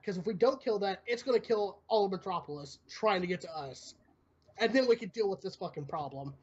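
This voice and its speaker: A man's voice: sits high, a little fast, husky. A man hosting a casual streamed talk show, ranting with lots of swearing. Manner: profane, ranting, animated. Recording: dull lo-fi stream audio.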